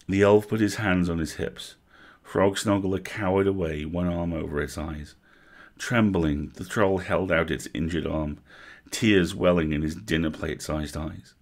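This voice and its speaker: A man reading a storybook aloud on a livestream, with vivid, animated narration. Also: sits low, normal speed, vocal fry. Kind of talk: expressive book reading.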